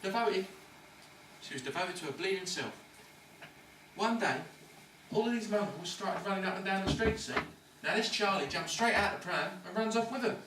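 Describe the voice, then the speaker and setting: A man's voice: high-pitched, brisk, lightly acted. An actor playing a cynical, swaggering ladies' man in a hospital ward, lecturing in slang. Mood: scornful. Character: cocky London ladies' man, cynical patient. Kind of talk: amateur stage-style film acting. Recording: echoey room, distant mic, faint noise.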